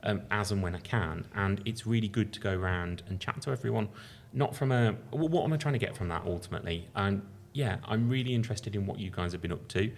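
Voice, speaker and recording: A man with a Birmingham accent, a company founder talking things through on a casual podcast, relaxed and thinking aloud with fillers and restarts. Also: lowish voice, quick pace, gravelly, hardly any pauses, a little hiss or hum. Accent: Birmingham English. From England. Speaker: company founder being interviewed.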